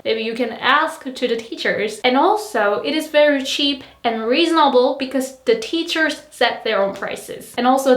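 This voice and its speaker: A Korean woman with a Korean accent, teaching her own language in a cheerful online lesson and repeating each word slowly for learners. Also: high voice, a bit bright, reverberant.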